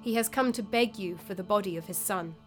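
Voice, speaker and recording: Storybook ghost of a young warrior read by a woman, dry and pleading, mid-high voice, faint music behind. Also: a little fast, natural voice. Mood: firm. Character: ghost of a young male warrior, wry and mournful.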